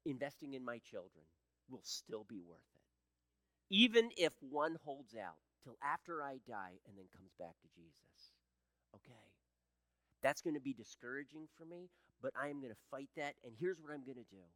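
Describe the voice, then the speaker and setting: A man in his sixties preaching a sermon as pastor, swinging between loud emphatic peaks and hushed low passages. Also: big pitch swings, moderate pace, no echo, clean studio sound. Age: 60s.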